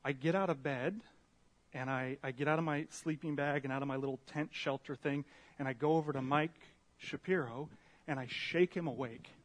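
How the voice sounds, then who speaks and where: A man preaching a sermon in a church room, telling a story in an animated, self-deprecating way. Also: medium pitch, moderate pace. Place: church meeting room with a slide screen.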